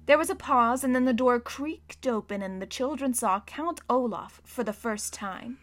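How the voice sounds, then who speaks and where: A woman reading a children's novel aloud as narrator, expressive and acting out the scenes. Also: on the high side, normal speed. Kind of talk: audiobook narration.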